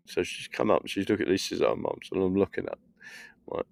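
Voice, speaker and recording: A man's voice: deep voice, fast talker, vocal fry. A middle-aged man from England chatting on a casual livestream outdoors at a festival, rambling through stories, swearing and laughing at his own jokes. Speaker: political livestreamer. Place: outdoors at a festival field in the evening.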